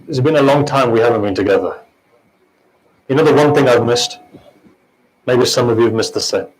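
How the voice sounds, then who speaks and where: A man's voice: medium pitch, rough recording. A man giving a mourning sermon in an impassioned, conversational way, often putting questions to his listeners. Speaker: preacher.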